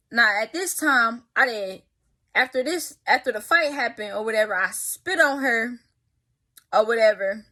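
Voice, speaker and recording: A young woman telling a story in a casual vlog, animated and profane, with spoken sound effects. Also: a little high, normal speed. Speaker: vlogger.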